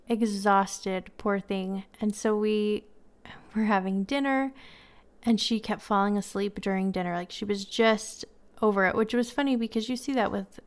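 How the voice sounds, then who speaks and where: Chatty woman with a smooth voice. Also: medium pitch. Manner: chatty, laughing often. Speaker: podcast host; mother. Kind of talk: casual storytelling.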